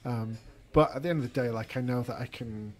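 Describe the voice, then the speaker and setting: A man's voice: medium pitch, fairly quick. A man, a podcast producer asking questions in a rambling, self-deprecating way full of fillers. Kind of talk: casual interview chat.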